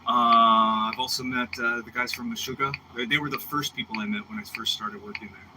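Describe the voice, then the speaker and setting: A man in his thirties, a bassist, telling backstage stories in a rambling, animated way, full of "dude" and "man.". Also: fairly quick. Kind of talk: casual chat. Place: studio room. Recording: clearly noisy background with ticking.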